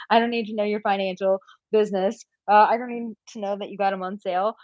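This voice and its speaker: A woman's voice: medium pitch, quick pace, a little mellow, no echo, dull audio. An American woman who coaches men on dating, chatting casually on a live-stream Q&A with lots of filler words. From United States. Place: home, living in Portugal.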